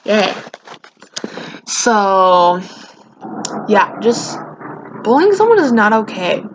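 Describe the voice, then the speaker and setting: A woman's voice: mid-range voice, big pitch swings, very slow, background noise. A teenage girl telling a casual, rambling storytime rant, often restarting her sentences and sounding emotional. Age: teens. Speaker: vlogger. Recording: dull lo-fi sound.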